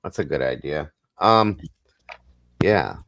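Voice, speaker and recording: Real low-voiced guy rambling through a stream chat, clears his throat a lot, dry close mic. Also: lively intonation, slow, a bit bright, no echo. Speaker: live stream host. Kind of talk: casual chat.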